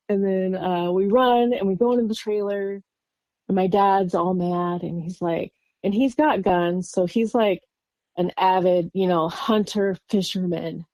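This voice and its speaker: A woman's voice: on the low side, a little mellow, no echo. A woman from Oregon, a guest on an interview podcast, recounting a personal encounter in a rambling way with lots of fillers and nervous laughs. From Oregon, USA. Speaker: guest witness.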